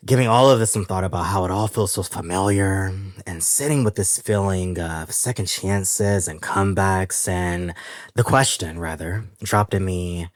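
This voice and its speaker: A man hosting his own music podcast in a casual, animated, chatty way, laughing often and using easy slang. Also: sits low, no echo, clean studio sound. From San Francisco Bay Area. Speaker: podcast host. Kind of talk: casual solo podcast chat.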